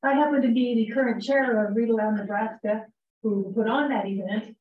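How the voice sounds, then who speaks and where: A woman with a fairly high voice addresses a group, asking questions and offering help. She is far from the mic in an echoing space, with dull sound and a faint background hum. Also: steady tone, brisk. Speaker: chair of a reading organization. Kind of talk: casual group discussion.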